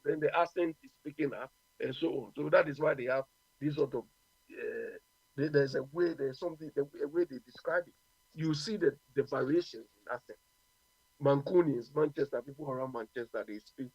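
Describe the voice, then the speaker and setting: A man's voice: on the high side, moderate pace, slightly rough, no room sound, dull audio. A man from Ghana with a Ghanaian accent, arguing his views on a radio talk show and often asking "you understand?". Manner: emphatic, repeats "you understand?". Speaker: radio guest.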